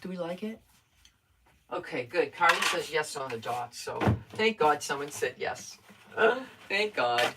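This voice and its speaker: A woman's voice: deep voice, animated, measured pace, heavy background noise. An older woman chatting casually while crafting on a live stream, talking to herself and answering viewer comments.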